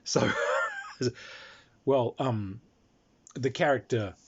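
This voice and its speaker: Man as storyteller, husky, lively and rambling, lo-fi recording. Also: mid-range voice, very slow. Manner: animated, chuckling, many ums. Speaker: game master telling an anecdote. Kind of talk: casual storytelling. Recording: dull lo-fi recording.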